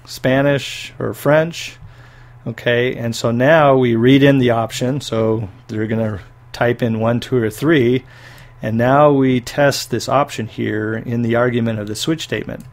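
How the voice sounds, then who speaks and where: A man giving a recorded university programming lecture, explaining step by step and often checking in with "okay". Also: mid-range voice. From United States.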